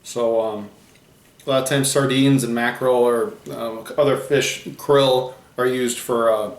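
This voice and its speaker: A man hosting a food tasting video, chatting casually while he explains facts read off the packaging. His voice sits at an ordinary middle pitch. The room around him is echoey. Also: steady tone, a little slow. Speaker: host of a food challenge channel. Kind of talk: casual chat.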